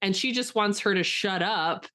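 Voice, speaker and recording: A woman co-hosting a film podcast, talking casually and chattily with lots of "like" and quick asides. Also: medium pitch, a bit bright. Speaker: podcast co-host. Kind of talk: casual chat.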